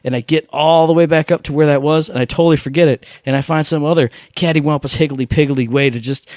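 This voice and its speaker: A man co-hosting a gaming podcast, chatting casually and rambling excitedly through stories. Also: fairly high pitch, fast, few pauses, no echo, studio quality. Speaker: podcast co-host.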